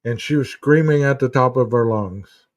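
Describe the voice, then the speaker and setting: A man with a mid-range voice speaks at normal speed, hosting a casual live stream as a therapist. He rambles through stories and chat replies with many restarts and "you know" fillers. Recorded from a distance with no room sound, the audio comes across dull and muffled.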